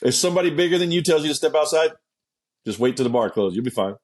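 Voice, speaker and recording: A man telling a story as a guest in a casual interview, acting out quotes with sudden jumps in pitch, swearing freely and laughing as he goes. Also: expressive, quick pace, a crowd in the background.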